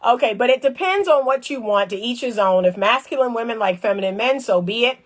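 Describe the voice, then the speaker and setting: Woman, somewhat high voice, casual commentary, animated, colloquial, repeats herself for emphasis. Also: brisk. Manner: animated, talks straight to viewers, acts out little scenes. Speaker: relationship commentator. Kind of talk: casual direct-to-camera commentary.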